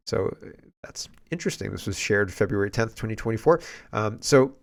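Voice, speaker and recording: A man's voice: lowish voice, expressive, moderate pace, vocal fry. Chatty Canadian political commentary host, man. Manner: chatty, digressive, thinking aloud.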